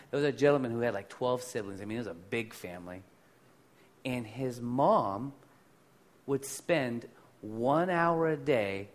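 A male pastor preaching in a relaxed, conversational way, built around personal stories. His delivery is animated, jumping from loud emphatic bursts to soft, low asides. His voice sits at an ordinary middle pitch for a man. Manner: animated, swings between loud and quiet.

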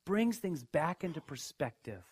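A man preaching a sermon, emphatic, who asks his listeners questions and swings from hushed to loud. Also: big pitch swings, a little slow, slightly rough. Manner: emphatic, dramatic swings in pitch and loudness. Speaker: pastor.

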